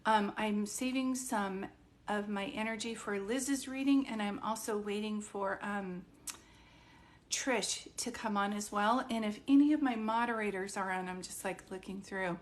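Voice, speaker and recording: Rambly lady medium chatting to her live viewers, mid-pitched voice, talks straight to the chat. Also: unhurried. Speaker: psychic medium hosting a live stream.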